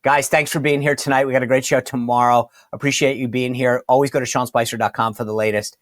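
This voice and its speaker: A man's voice: medium pitch, fairly even intonation, quick pace, no echo, studio quality. A man hosting a political talk show, delivering an emphatic, incredulous commentary monologue and mockingly reading quotes aloud. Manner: incredulous, emphatic, repeats himself.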